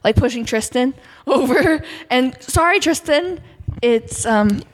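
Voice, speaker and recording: A woman with a somewhat high voice chats casually on a podcast. She describes a children's lesson in eager run-on sentences, linking each step with "and then". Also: animated, takes it slowly.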